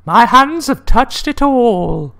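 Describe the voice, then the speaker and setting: A man voicing a nervous woman corporate executive from a video game in a high falsetto lady voice, with her fear held under composure. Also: lively intonation, slow, creaky, fairly bright tone, full character voice. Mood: grave.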